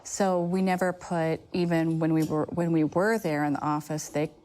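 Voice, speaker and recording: A woman with a fairly low voice chatting as a guest on a TV talk set. She speaks in a reflective, measured way. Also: fairly even intonation, darkish tone. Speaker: guest author. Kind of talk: casual chat.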